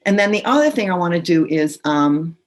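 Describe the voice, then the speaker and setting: A woman's voice: lowish voice, expressive, a little fast. A woman guiding a group through a tapping session over a video call, giving instructions and leading phrases for them to repeat aloud. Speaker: tapping practitioner. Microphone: computer mic on a video call.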